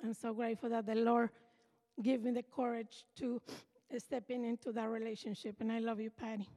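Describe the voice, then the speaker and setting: High-voiced older woman giving testimony. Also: little pitch movement, moderate pace, mellow. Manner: earnest, emotional storytelling. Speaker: church member giving testimony. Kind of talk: personal testimony. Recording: reverberant hall.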